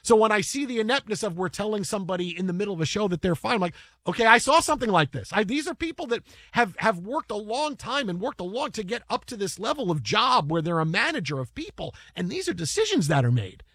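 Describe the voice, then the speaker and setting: A man telling a story in casual chat, animated and quick, often restarting his sentences. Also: sits high, dry recording, clean studio sound. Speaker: podcast host and broadcaster.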